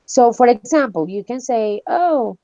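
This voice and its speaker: High-voiced woman teaching English. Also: animated, measured pace, warm tone, no echo, muffled recording. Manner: encouraging, laughs often. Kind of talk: online English class.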